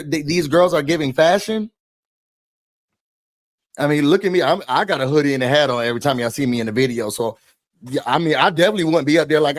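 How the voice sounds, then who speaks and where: A man's voice: fairly high pitch, dry recording, clean studio sound. Chatty man ranting about a show. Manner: chatty, opinionated, slangy storytelling with frequent fillers. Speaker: reality TV recap host. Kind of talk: casual recap and rant.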